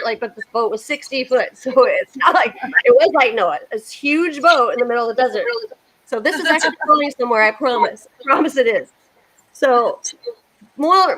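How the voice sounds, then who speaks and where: A middle-aged woman from the United States hosting a casual talk, telling animated stories and laughing often. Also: high voice, low-quality recording. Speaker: host. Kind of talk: casual chat.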